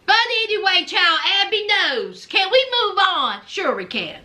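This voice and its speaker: Speaking unhurriedly in a high voice that swings widely in pitch, a woman gives a casual reality TV recap. She addresses her viewers directly as "y'all," and her delivery is animated and dramatic.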